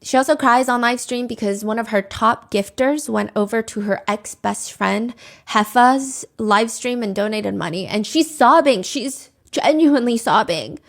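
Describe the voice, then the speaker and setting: A woman's voice: on the high side, normal speed, creaky. A woman narrating a true crime story in a chatty, opinionated, casual storytime way. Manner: chatty, opinionated, acts out quotes.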